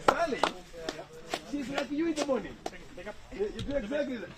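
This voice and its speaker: This guide narrates a live tour of an outdoor elephant sanctuary, cheering on visitors' photos and describing the animals supportively. His very high, expressive voice moves at a moderate pace, and the recording is very noisy with nearby visitor chatter.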